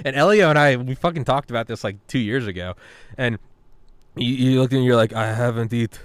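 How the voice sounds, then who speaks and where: With a smooth, mid-range voice at normal speed and no echo, an American podcast host chats casually, telling stories full of swearing and acting out what people said.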